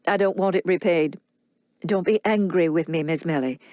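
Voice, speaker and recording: A woman voicing a smooth, crafty grown man who coaxes and persuades without hurrying. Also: lowish voice, moderate pace, dark tone, no room sound, lightly acted. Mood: persuasive.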